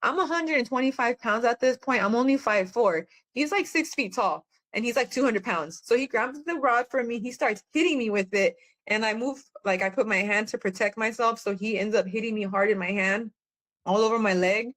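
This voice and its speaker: A woman's voice: fairly high pitch, normal speed, a bit bright. A woman guest on a podcast, telling a personal testimony in a candid, plainspoken way.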